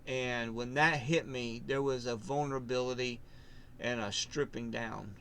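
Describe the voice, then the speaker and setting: A man in casual faith discussion, telling his story in a rambling way, restarting sentences and loudly acting out what others said. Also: medium pitch, fairly even intonation, measured pace, a little hiss or hum. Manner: rambling, self-interrupting storyteller who acts out quotes loudly. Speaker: podcast co-host.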